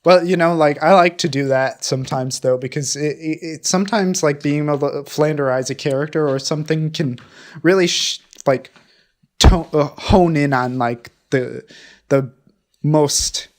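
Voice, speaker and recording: A man's voice: fairly high pitch, moderate pace. A man co-hosting a podcast in casual chat, rambling and searching for his words. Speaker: podcast co-host.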